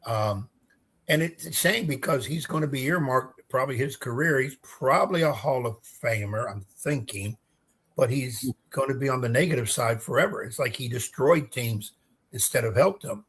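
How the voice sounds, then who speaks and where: Husky-voiced man calmly weighing in. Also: medium pitch. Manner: measured, reflective, laughs easily. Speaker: co-host, coach. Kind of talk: casual sports talk.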